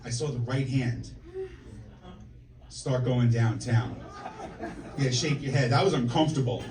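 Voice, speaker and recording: A man's voice: medium pitch, a little slow, darkish tone. A man in his forties doing a brash, profane stand-up comedy set, telling punchy stories to the audience on a comedy club stage. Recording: echoey club from a distance, audience laughter. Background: audience laughing.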